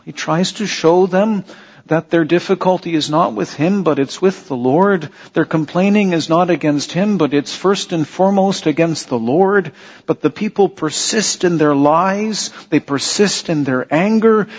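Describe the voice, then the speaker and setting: A man preaching an earnest sermon, with a voice pitched a little high and a husky edge. He speaks slowly and leans on repeated phrases and rhetorical questions. The recording is dull and lo-fi. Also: in a large hall.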